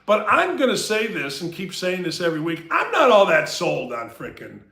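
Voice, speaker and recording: Sports podcast host, male, bright voice, slightly high, animated and jokey, echoey room. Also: moderate pace, creaky. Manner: animated, jokey, addresses listeners. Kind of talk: casual sports talk.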